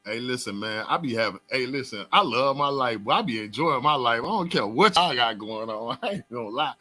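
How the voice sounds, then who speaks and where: A young man with a South Florida accent hosting a talk show, hyped and loud, jumping between shouting and mumbling. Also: medium pitch, expressive, a little fast. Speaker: host.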